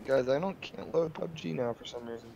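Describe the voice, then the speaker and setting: A man's voice: medium pitch, a little fast, gravelly, warm tone, lo-fi sound, a little hiss or hum. Giggly young man joking on voice chat. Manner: giggly, crude jokes. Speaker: friend in voice chat. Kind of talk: casual gaming chat.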